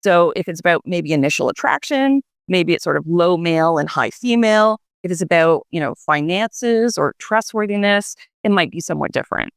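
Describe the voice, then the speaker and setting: Research guest, gravelly voice, dry close recording, explanatory. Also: medium pitch, animated, normal speed, few pauses, dry recording. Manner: explanatory, with fillers and restarts.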